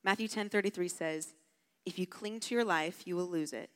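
A woman's voice: fairly low pitch, moderate pace, fairly bright tone. Chatty woman preaching in a big hall. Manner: casual, chatty, heavy use of "like". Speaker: camp speaker. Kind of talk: storytelling sermon. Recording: long hall reverb.

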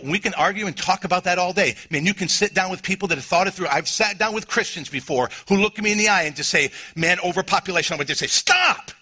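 A middle-aged man with a husky voice and a Southern US accent preaches a sermon as a pastor. He is emotional, swinging from quiet, low passages to near shouting.

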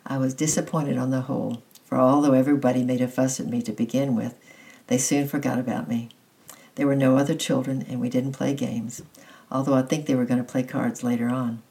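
A gentle reader narrates a children's novel aloud, chapter by chapter. The voice is dark and mellow, with a gravelly texture. The reading is calm and unhurried, and the reader signs off with affection. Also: medium pitch, poor audio. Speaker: storybook reader.

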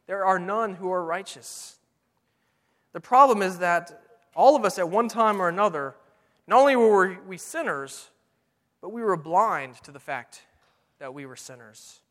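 A middle-aged man preaching a sermon in a church, earnest and emphatic, slowing down to read scripture. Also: high-pitched, expressive, fairly bright tone. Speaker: pastor. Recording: long hall reverb.

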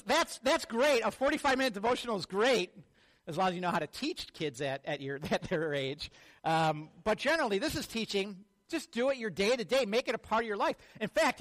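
A man with a high voice delivers a sermon from the pulpit. As a pastor, he tells lively personal stories. He acts out the people in them as he goes. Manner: animated storytelling, acts out quotes.

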